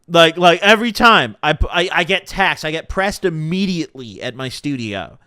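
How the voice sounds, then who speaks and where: On a podcast live stream, a young male host with a fairly high, clear, resonant voice tells casual stories full of swearing and slang, animated throughout. He talks at normal speed, recorded at studio quality with no room sound.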